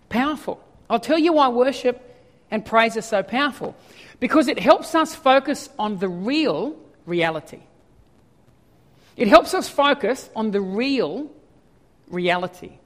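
A man preaching a sermon in an animated way, firing off rhetorical questions and building to loud emphasis. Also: very high-pitched. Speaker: pastor. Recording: long hall reverb.

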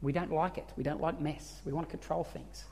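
Earnest pastor in a reverberant hall. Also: male voice, on the high side, steady tone, brisk, creaky, darkish tone. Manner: earnest, conversational preaching with repeated restarts. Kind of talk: sermon.

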